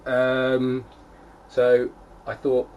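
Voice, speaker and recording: This homebrewing vlogger, sitting back from the mic beside his kegerator at home, talks to camera in a mid-range voice with a completely flat delivery and drawn-out words. The sound is lo-fi with faint background noise, and he's chatty and rambling, full of fillers and restarts.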